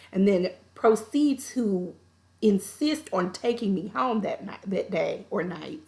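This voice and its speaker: A woman with a gravelly, fry-tinged voice at an ordinary pitch retells a TV episode in casual, chatty fashion. She jumps into quoted lines from the characters and breaks off for her own opinions. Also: slow, darkish tone. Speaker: TV show reviewer.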